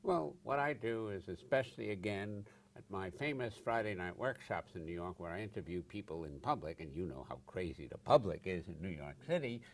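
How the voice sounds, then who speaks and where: Blunt older man, low and lively. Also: brisk. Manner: blunt, emphatic, acts out angry outbursts with swearing. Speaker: psychotherapist, interview guest. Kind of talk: interview answers.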